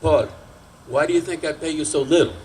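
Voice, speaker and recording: Man playing middle-aged shop boss, hesitant, stammering, slightly high voice. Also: fairly even intonation, fairly quick, a little mellow, a little hiss or hum, close to an everyday voice. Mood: uneasy. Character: middle-aged Italian sub-shop owner, awkward about money.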